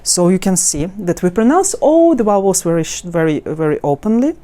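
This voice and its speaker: A language teacher with a soft, lowish, expressive voice explains pronunciation to the camera. She speaks haltingly, with many restarts and fillers, demonstrating words slowly and melodically.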